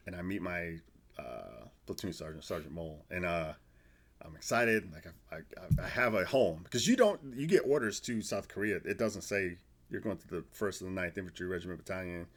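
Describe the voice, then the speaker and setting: Brief: low-voiced man in his 40s, army veteran guest, swears freely while spinning casual podcast stories. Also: expressive, fairly quick. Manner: loose, profane storytelling with restarts. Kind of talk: casual storytelling podcast chat.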